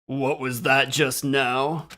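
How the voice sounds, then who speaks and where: A man's voice: medium pitch, little pitch movement, slow pace, sharp tone. A man hosting a let's play, reading game dialogue aloud and joking between the lines. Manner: playful, joking, reacts with bursts of laughter.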